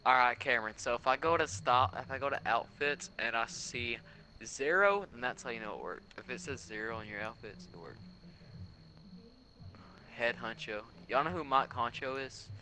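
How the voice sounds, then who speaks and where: A man's voice: mid-range voice, lively intonation, normal speed, pushed and bright, slight background noise, rough recording. A man chatting casually while gaming, joking, laughing and singing the same line again and again. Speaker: gamer.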